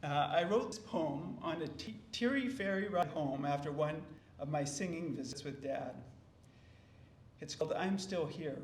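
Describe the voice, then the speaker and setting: Eulogy reader: a gentle man with a fairly high voice, reflective and halting, in an echoey hall. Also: slight background noise. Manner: gentle, reflective, with small slips. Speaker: family member giving a eulogy. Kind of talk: memorial speech and poem reading.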